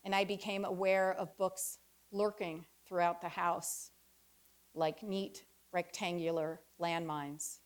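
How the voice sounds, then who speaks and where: A woman's voice: fairly low pitch, level tone. Woman reading a wry personal essay. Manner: reflective, wry storytelling with pauses. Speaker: author giving a reading.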